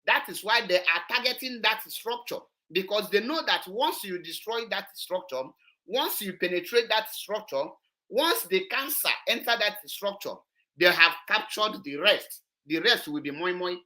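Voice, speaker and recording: A woman's voice: mid-range voice, lively intonation, normal speed, pushed and bright. A woman, hosting an online show and commenting on a played clip, emphatic and repetitive. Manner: emphatic, repetitive, switches into Igbo.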